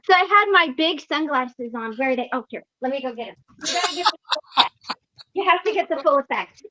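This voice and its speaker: A woman hosting a casual online recovery meeting, telling a lively story and acting out the people in it, heard over a video call. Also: high voice, quick pace, rough recording. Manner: animated, acts out the people in her stories.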